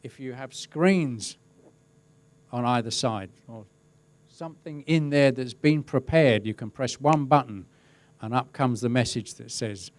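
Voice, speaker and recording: A middle-aged man with a typical male pitch gives a webinar on crowd safety as an event management specialist. At a measured pace, he tells an anecdote in an easygoing, wry way with dry humour.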